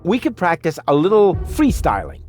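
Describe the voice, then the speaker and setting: A brash, smug young schemer from a video game, with a lively, swooping delivery that runs a little high. His voice rides over clear game music. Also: moderate pace. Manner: brash and mocking, breaks into song. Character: cocky, sarcastic young male junk-planet schemer. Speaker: player character. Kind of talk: studio video game voice acting.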